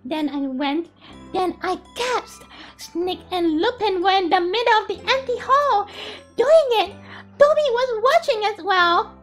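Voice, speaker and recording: A young woman streamer, excitable and giggly, chatting while gaming and reading a story aloud on a headset mic. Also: extremely high pitch, unhurried, soft background music. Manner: excitable and giggly, often apologizing.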